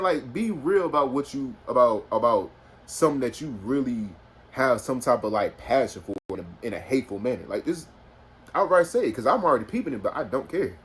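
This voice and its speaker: A man's voice: mid-range voice, a little fast, breathy edge. Rambling man telling a story. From Houston, Texas. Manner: rambling, filler-heavy, animated retelling. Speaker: vlogger. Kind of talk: casual storytime. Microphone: phone.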